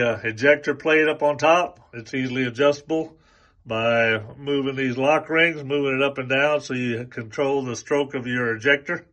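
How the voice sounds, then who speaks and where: A man hosting a product demonstration, talking plainly and slowly with many pauses and fillers. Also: mid-range voice, a bit bright. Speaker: host.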